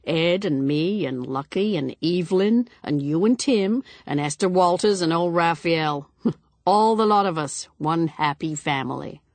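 Woman doing a leering tipsy middle-aged man, jovial drawl, low voice. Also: animated, unhurried, a little mellow, dry recording.

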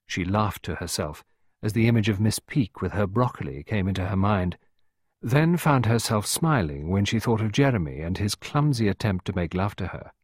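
Husky, low-voiced male storyteller. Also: lively intonation, normal speed, no room sound, clean studio sound. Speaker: audiobook narrator. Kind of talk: scripted storybook narration.

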